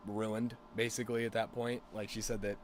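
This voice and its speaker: A man's voice: on the low side, flat delivery, brisk, a little hiss or hum. A man streamer rambling through a crude, casual story with lots of fillers.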